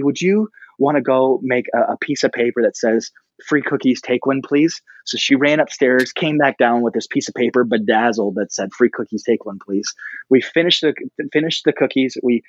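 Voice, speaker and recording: A middle-aged man, a pastor, telling a personal story casually and animatedly, often jumping up in pitch for the voices he quotes. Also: slightly rough, dry recording, dull audio. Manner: animated, breaks into high-pitched quoted reactions.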